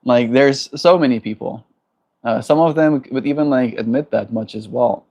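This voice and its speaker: A man hosting a daily livestream, chatting casually and warmly greeting viewers by name in a laid-back, upbeat way. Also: medium pitch, moderate pace, dull audio. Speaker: livestream host.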